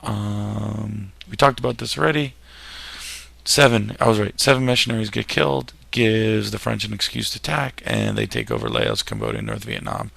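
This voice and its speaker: A man's voice: on the low side, sing-song, moderate pace, vocal fry, a bit bright. A man teaching history in a recorded lecture over slides, with jokey, self-deprecating asides.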